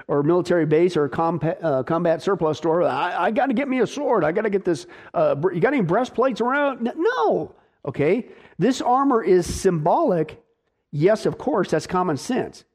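A man's voice: on the high side, warm tone. A male pastor preaching an emphatic, folksy sermon, full of restarts and playful asides.

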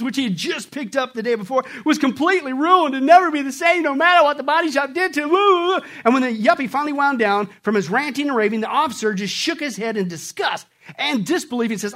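A man preaching a sermon with jokes, swinging from loud to hushed and acting out voices. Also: extremely high pitch, fast talker. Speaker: pastor.

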